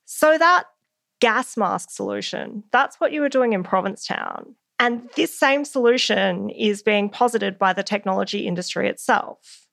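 A woman interviews an author in a calm, measured way. Her voice carries a gravelly fry and sits at an ordinary pitch. The recording is close and dry. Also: no echo. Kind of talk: interview questions.

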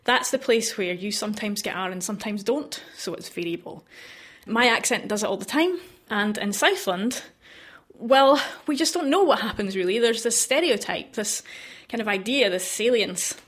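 A woman's voice: mid-range voice, normal speed, a bit bright. An American woman, a linguistics researcher, explains her work patiently in a radio interview and laughs lightly between points.

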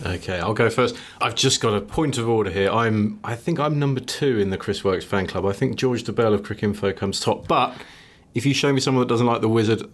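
A man's voice: lowish voice, a little fast. A man who works as a cricket correspondent, chatting on a podcast panel in a wry, self-deprecating way. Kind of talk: casual podcast chat.

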